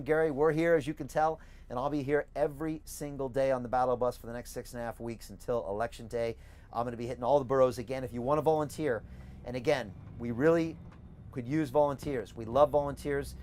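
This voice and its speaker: A middle-aged man from the United States with an American accent softened by years in Britain, hosting a live-stream Q&A from a moving campaign bus. He reads viewer questions and answers them emphatically and upbeat, repeating key phrases. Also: medium pitch, slight background noise. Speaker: host and campaigning candidate.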